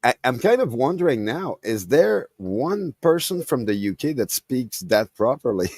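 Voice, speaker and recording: A man from Quebec with a Québécois French accent, chatting casually on a podcast, halting and often restarting his words. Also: medium pitch, sing-song, darkish tone, slightly rough, no room sound. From Quebec, Canada. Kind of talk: casual late-night chat.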